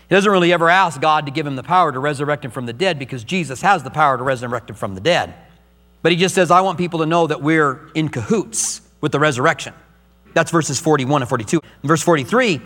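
An older man, a pastor, preaching a sermon with animated delivery and acted-out quotes. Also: fairly high pitch. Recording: long hall reverb, faint mains hum.

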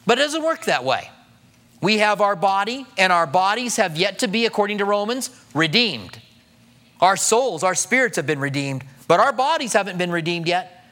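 A man's voice: high-pitched, very animated, normal speed, bright, forceful tone. A middle-aged man preaching a sermon in a conversational way, acting out the voices of the people he quotes. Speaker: pastor.

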